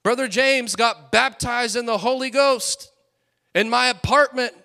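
Man, late twenties, preacher, sermon, high-pitched, bright edge, fiery swings between loud peaks and hushed asides. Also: a little slow, vocal fry. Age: late 20s. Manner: fiery, rising to loud peaks, then dropping to storytelling asides.

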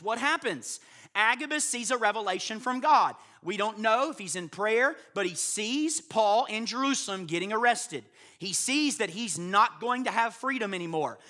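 A man's voice: sits high, bright, forceful tone. A man preaching a sermon to a room of pastors, emphatic and constantly checking in with his listeners. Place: live before a room of listeners.

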